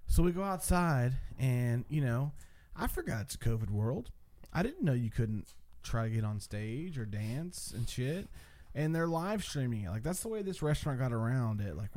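Profane storytelling man, dark voice. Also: mid-range voice, moderate pace. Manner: animated, profane, acts out quotes. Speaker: storyteller among friends. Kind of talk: casual storytelling.

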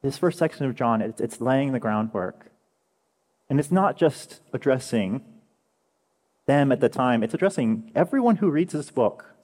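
Animated young preacher in an echoey hall. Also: male voice, medium pitch, normal speed. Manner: conversational preaching, animated storytelling. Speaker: pastor. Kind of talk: sermon. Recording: echoey hall with long reverb.

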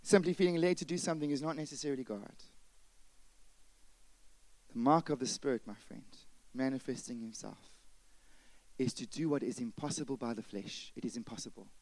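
A man preaching a sermon with passion, dropping to a hush and then rising loud again. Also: mid-range voice, a little fast, pauses often, no room sound, rough recording. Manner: impassioned preaching, swings from loud to hushed. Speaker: pastor.

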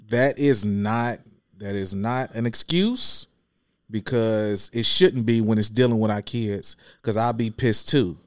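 A man who drives a school bus, chatting casually on a podcast and acting out scenes with quick voiced asides. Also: on the low side, no room sound. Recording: dry close mic.

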